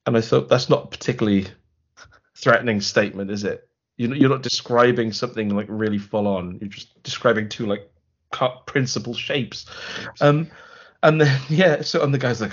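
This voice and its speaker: Husky man, wry rambling recap. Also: medium pitch, moderate pace, muffled recording. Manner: wry, rambling, sarcastic storytelling. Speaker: podcast co-host. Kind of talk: casual film review chat.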